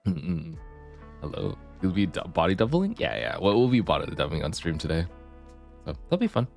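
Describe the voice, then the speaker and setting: A male streamer chatting casually and rambling with his viewers, his voice deep and gravelly from the morning, keyboard clicks on a desk mic. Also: huge pitch swings, moderate pace, darkish tone, faint music behind. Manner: rambling, chatty, self-deprecating. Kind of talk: casual live-stream chat. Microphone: desk mic, keyboard clicks audible.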